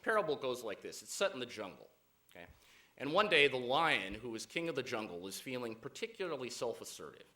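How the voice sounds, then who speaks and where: Man giving a conference speech, bright forceful voice, lots of uhs. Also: medium pitch, sing-song. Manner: deliberate, with frequent "uh" fillers. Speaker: keynote speaker.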